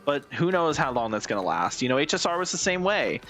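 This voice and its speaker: A man's voice: on the high side, big pitch swings, a little fast, a bit bright, faint music behind. A man streaming a game, chatting casually in a rambling, wry way with lots of fillers. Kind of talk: casual gaming commentary.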